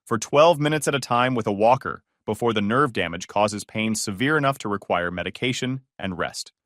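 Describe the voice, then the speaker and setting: A man voices a cold, clinical surgeon in a storytelling read, speaking in a measured, factual way. The sound is dry and close. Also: on the low side, a bit bright, dry recording, lightly acted. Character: calm, clinical male orthopedic surgeon.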